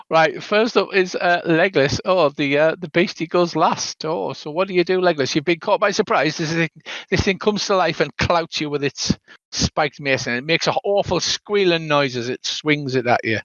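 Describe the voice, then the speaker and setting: At a moderate pace, an older game master runs a tabletop game, describing the scenes extensively and now and again saying "so there is." His voice is a little high and a bit bright, and the recording is dry, dull and lo-fi.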